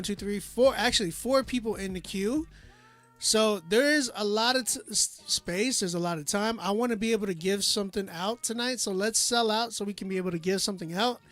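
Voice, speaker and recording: High-voiced young man, encouraging livestream chat. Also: a bit bright. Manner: conversational, encouraging, slangy. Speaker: livestream host. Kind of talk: casual livestream talk.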